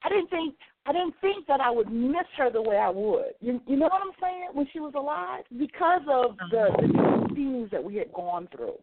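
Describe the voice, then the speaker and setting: Woman on talk radio telling a story, lots of repeats for emphasis, kinda high voice, phone-line sound. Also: normal speed, few pauses. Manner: expressive, animated storytelling with emphatic repetition. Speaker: radio talk show co-host. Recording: phone-like narrow band.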